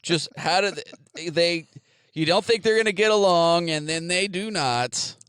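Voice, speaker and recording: A man's voice: high voice, normal speed, a bit bright, clean tone, dry recording, clean studio sound. A man co-hosting a podcast in casual, comedic chat, rambling and jokey, often trailing off and restarting. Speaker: podcast co-host.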